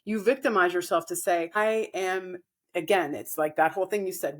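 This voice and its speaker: Lower-voiced woman, reflective spiritual talk. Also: normal speed. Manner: reflective, explains with inner dialogue. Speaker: podcast co-host. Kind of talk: casual spiritual chat.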